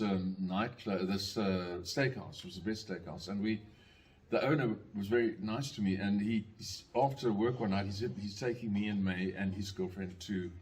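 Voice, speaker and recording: A man's voice: on the low side, a little mellow. An older man telling a casual, rambling anecdote, full of fillers, restarts and chuckles. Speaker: storyteller.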